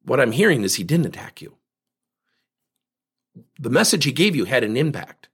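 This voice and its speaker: A man's voice: medium pitch, sing-song, normal speed, fairly bright tone, breathy edge. A man hosting a coaching podcast, talking emphatically to his listeners and asking rhetorical questions. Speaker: leadership coach and podcast host. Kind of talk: podcast monologue.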